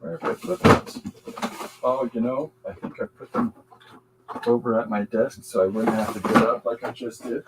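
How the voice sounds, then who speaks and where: A man's voice: medium pitch, moderate pace, very noisy. A man hosting a podcast, chatting casually with his live viewers from his art studio while he draws. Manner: chatty, answers viewers' comments aloud. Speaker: podcast host and comic artist. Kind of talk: casual live-stream chat while drawing.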